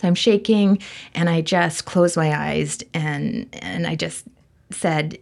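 A woman guest on an interview show, telling a personal story in an animated, expressive way full of "like" and acted-out quotes. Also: sits low, takes it slowly, gravelly. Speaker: guest, intuitive medium.

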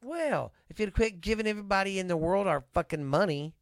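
A man's voice: high-pitched, expressive, brisk, no echo, studio quality. A middle-aged man with a Texan accent, co-hosting a casual podcast, ranting and swearing heavily. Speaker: podcast co-host. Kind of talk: casual profane chat.

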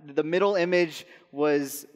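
In a church hall full of long reverb, a young pastor gives an earnest sermon. His voice is fairly high, and he turns slow and soft whenever he reaches an important phrase.

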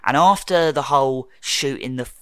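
A man's voice: medium pitch, normal speed, a bit bright, smooth, dry recording. A young man ranting in casual chat, swearing freely and acting out quotes.

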